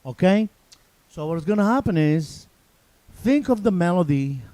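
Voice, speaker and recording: Relaxed, chatty Italian-accented man. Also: sits high, a little slow. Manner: relaxed, chatty, loose phrasing with repeats. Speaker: drum teacher. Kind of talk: casual spoken drum lesson.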